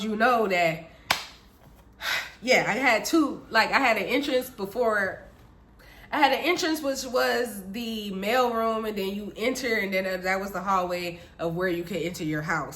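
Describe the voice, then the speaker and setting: A woman vlogger telling her childhood story in casual chat, animated, laughing often and calling her viewers y'all. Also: mid-range voice.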